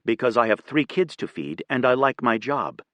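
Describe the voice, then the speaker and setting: A man voicing a steady female airline captain with military past, speaking quietly, kindly and firmly. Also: mid-range voice, normal speed, no echo, natural voice. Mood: calm. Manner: quiet, kind and firm.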